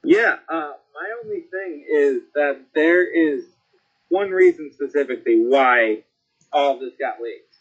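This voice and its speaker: A man's voice: on the high side, very animated, measured pace. A man joining in as a panelist in casual sports talk, sarcastic and emphatic. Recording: dull lo-fi call audio.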